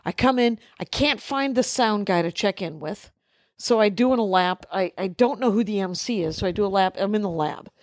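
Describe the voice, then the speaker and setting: A woman co-hosting a podcast tells a rambling backstage story in casual chat, acting out the dialogue people said. Her mid-range voice runs a little fast, captured in a dry, studio-quality recording.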